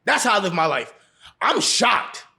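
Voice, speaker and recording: Though very animated, this relationship advice vlogger speaks at an unhurried pace, his fairly high voice sharp and edged with vocal fry. He talks bluntly to camera with lots of pitch swing, laughing often and repeating phrases to press each point.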